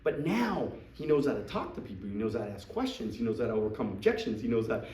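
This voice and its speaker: A man's voice: mid-range voice, fast talker, echoey room, recorded from a distance, slight background noise, rough recording. A man coaching recruits in a live talk to a group, acting out sales dialogues. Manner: animated, acts out sales dialogues. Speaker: business trainer coaching recruits.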